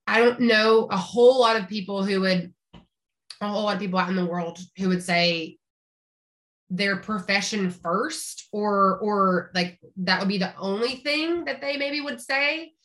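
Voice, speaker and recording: Woman from rural Tennessee, thirties, upbeat podcast guest with a crisp, bright voice. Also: mid-range voice, unhurried. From rural East Tennessee, Appalachia. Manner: chatty, upbeat, frequent restarts and laughs. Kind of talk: casual interview chat.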